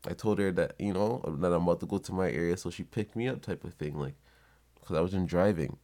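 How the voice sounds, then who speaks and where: A man's voice: deep voice, a little fast, warm tone. A young man telling a blunt, profane story in a casual monologue. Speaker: vlogger.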